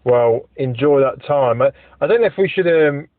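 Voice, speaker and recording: A man's voice: medium pitch, lively intonation, normal speed, no room sound. A man co-hosting a podcast over a phone call, teasing his friend in a dry, casual way. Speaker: podcast co-host. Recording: tinny phone line, dry.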